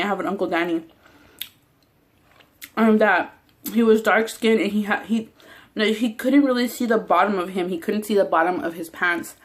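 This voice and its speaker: A woman's voice: medium pitch, normal speed, long pauses. A woman chatting casually while eating on a mukbang vlog, rambling, swearing freely and often laughing. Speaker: mukbang vlogger.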